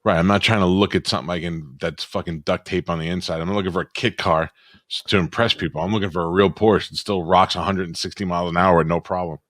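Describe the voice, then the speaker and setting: A man's voice: low-pitched, steady tone, fast talker, fairly bright tone, no echo, clean studio sound. A man co-hosting a podcast, telling profane stories about marriage in casual chat. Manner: profane, storytelling banter. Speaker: podcast co-host.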